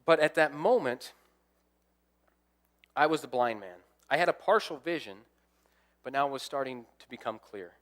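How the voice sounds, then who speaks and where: A young man preaching from the pulpit, his voice sitting at an ordinary middle pitch. He tells a personal story in a lively way and acts out the other people's lines as he goes. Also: normal speed, pauses often. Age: young adult. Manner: animated storyteller acting out quoted dialogue. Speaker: assistant pastor. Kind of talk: storytelling sermon.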